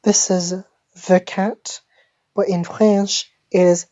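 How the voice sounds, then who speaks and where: A woman giving a deadpan parody language lesson, speaking slowly and deliberately and repeating each word like a teacher. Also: mid-range voice, no room sound. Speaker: mock French teacher. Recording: dull lo-fi phone screen recording.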